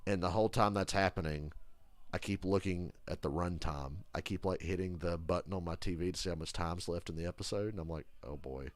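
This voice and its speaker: A man chatting casually on a live stream, telling stories in an animated, profane rant. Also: deep voice, a little fast, no echo. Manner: animated, profane, ranting storyteller. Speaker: streamer reacting live to a football game.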